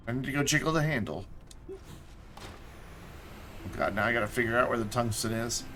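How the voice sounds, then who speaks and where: A man with a mid-range, sharp-toned voice speaks fairly quickly over a little hiss or hum. He's casually commenting as he plays a game on a live stream, chatty and thinking aloud, talking to himself and the things on his screen, mumbling and repeating himself.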